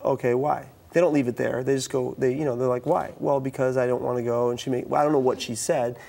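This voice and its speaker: Gravelly middle-aged man telling stories. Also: mid-range voice, fast talker. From East Coast of the US. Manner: animated, acts out quoted dialogue, frequent restarts. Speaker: youth speaker. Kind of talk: storytelling in a talk-show interview.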